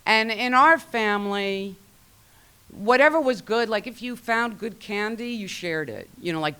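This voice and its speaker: A woman with a smooth, clear voice tells her own story at a recovery meeting. She is wry and self-mocking, and she slips into the voices of the people she quotes. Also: fairly high pitch, moderate pace, bright, forceful tone.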